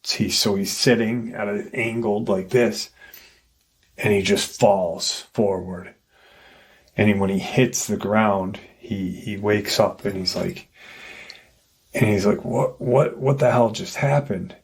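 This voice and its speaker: A man's voice: lowish voice, level tone, slow, pauses often, slightly rough. A man hosting a paranormal channel, casually retelling an encounter story in a loose, rambling way full of "like" and "you know.".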